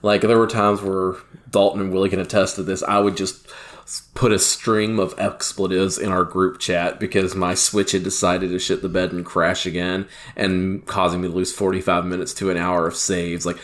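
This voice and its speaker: A man with a low voice telling a story on a podcast in a casual, exasperated way. He talks through it plainly, with the odd laugh along the way. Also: flat delivery, moderate pace, a bit bright. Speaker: podcast co-host.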